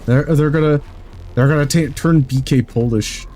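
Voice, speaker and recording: A man's voice: fairly high pitch, moderate pace, mellow, soft background music. A man streaming a game, chatting casually in a rambling, jokey way and swearing freely.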